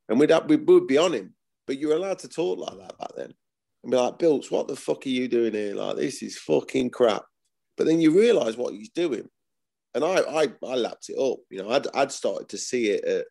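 Bloke in his 40s, gravelly deep voice, dark tone, blunt and sweary. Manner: blunt, swears freely, repeats himself. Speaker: former footballer, guest. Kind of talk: casual interview.

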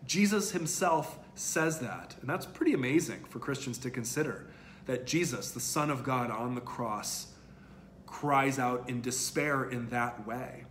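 A man's voice: mid-range voice, expressive, a little slow, a bit bright, a little hiss or hum. A male college lecturer giving an online lecture in a conversational way, thinking aloud with fillers and restarts.

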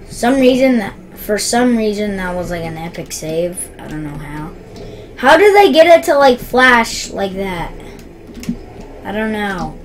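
A young woman giving excitable gameplay commentary, gasping and yelping at every play. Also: mid-range voice, unhurried, faint music behind. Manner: yelps, gasps and shouts at each play. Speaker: gaming YouTuber.

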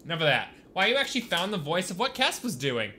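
A man giving casual let's-play commentary as a gaming YouTuber, excitable and swinging from quiet mutters to loud bursts. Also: high-pitched, fast, slight background noise.

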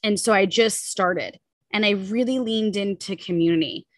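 A woman in her thirties, a podcast guest, candidly telling a personal story in quick, casual talk full of "like" and "you know". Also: mid-range voice, no echo, studio quality.

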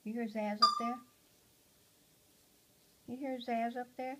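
A woman at home talking to her pet parrot in a casual home video, cooing softly and often dropping to a hush. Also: fairly high pitch, little pitch movement, slow pace, heavy background noise. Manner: soft, cooing talk to a pet, often hushed.

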